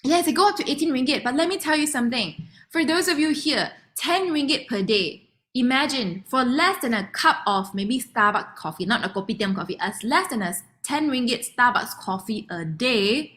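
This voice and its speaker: A woman's voice: a little high, moderate pace. Chatty Malaysian woman presenting. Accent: Malaysian English. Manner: chatty and lively, acts out quoted customers, laughs often. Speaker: sales presenter. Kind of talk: online product demo presentation.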